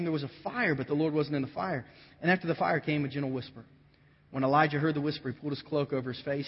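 A man's voice: on the high side, breathy edge. A man preaching a sermon, reading scripture aloud, acting out the voices of the figures he quotes, and then explaining the passage to his listeners. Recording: dull lo-fi audio with long hall reverb.

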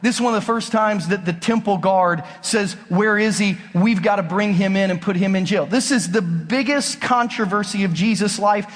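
A man preaches with a fairly high voice, talking to the congregation in a casual but emphatic way. He keeps asking rhetorical questions. His voice rings out with a long reverb, as if in a large church auditorium. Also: moderate pace, hardly any pauses. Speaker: pastor. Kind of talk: sermon.

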